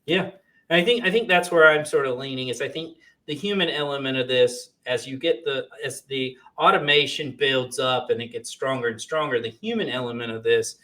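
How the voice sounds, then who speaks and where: A man's voice: medium pitch, fairly quick, sharp tone. A man hosting a casual conversation, often hesitating and restarting his sentences with fillers.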